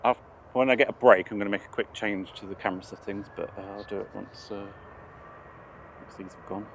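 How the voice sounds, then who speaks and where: A man with a low, bunged-up voice from a cold co-hosts in a loose, chatty manner. He talks easily and informally. A light background noise sits under his voice. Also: fairly quick, creaky. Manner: chatty and relaxed. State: congested from a cold. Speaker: co-host. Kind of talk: casual live-stream chat.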